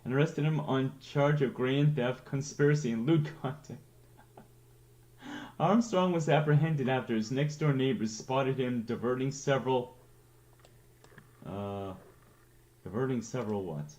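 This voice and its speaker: A man's voice: mid-range voice, a little slow, pauses often, a little mellow, lo-fi sound. A man chatting casually on a late-night livestream, rambling and reading aloud to his viewers. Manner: rambling, reads aloud with laughs.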